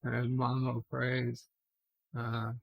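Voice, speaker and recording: On a casual late-night live stream, a male host reads viewers' comments out loud and replies offhandedly, saying "uh" a lot. His mid-range voice is creaky and husky, extremely slow and completely flat, and the recording sounds lo-fi.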